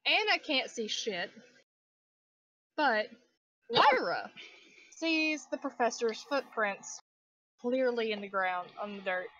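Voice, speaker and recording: A fairly high-voiced woman serves as game master for a tabletop game, narrating and asking for rolls in an easygoing way full of "so" and "okay". The recording sounds dull and dry. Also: slow pace, pauses often, no echo. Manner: relaxed, with many fillers and restarts.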